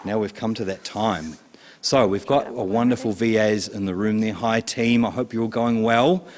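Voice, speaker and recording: A man's voice: lowish voice, fairly even intonation, normal speed, a little mellow, in a large hall. A man hosting an online awards ceremony, announcing winners in a playful, upbeat way. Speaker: awards host.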